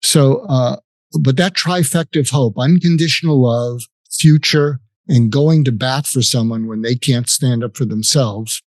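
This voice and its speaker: An older man, a psychiatrist, recounting a personal story in an interview, reflective and halting with restarts. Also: mid-range voice, a little mellow, dry recording.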